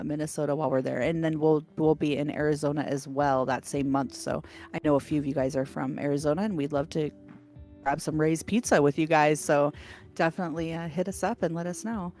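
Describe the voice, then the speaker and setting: A woman with a New York accent co-hosting a livestream, reading viewer messages in a bubbly, animated way and laughing often. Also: low-pitched, normal speed, faint music behind. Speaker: livestream co-host reading chat. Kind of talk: casual livestream chat.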